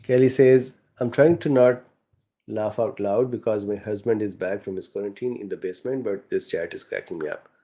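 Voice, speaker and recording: Middle-aged male host, non-native accent, relaxed mellow delivery, casual live Q&A reading viewer chat. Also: on the low side, moderate pace. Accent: non-native English accent. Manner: reads chat questions aloud, frequent fillers, chuckles. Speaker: host answering viewer questions.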